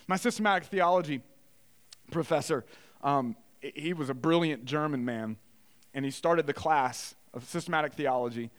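Animated preaching man, high voice. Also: moderate pace, clear, resonant tone. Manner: animated preaching, swinging from hushed to loud. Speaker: pastor. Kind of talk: sermon.

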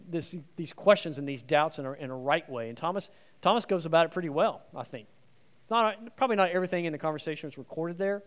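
Male guest preacher, lightly raised pitch, dynamic sermon delivery with loud and hushed moments. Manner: animated, swinging between loud emphasis and soft near-whispers.

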